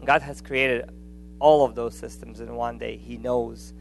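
A man preaching a sermon in a conversational, animated way, often restarting phrases and adding asides. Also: mid-range voice, a little slow, creaky, a little hiss or hum.

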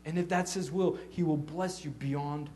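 A man delivers a casual, heartfelt sermon built from personal stories. His voice sits a little high for a man, and he trips into repeated restarts as he talks. He brings the tale to life by acting out the lines of the people in it. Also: normal speed. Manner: animated storytelling, acting out quotes; frequent stammered restarts. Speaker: church leader. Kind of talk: informal testimony sermon.

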